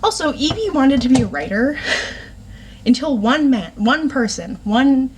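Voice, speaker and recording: A woman's voice: high-pitched, very animated, a little slow, slightly rough. A woman reviewing a book in a casual, sarcastic rant, swearing and exasperated.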